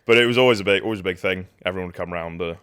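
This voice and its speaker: A man's voice: sits low, very fast, fairly bright tone, clear, resonant tone. A young man with an English accent, co-hosting a casual podcast chat in a jokey, self-deprecating, rambling way. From England. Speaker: podcast co-host.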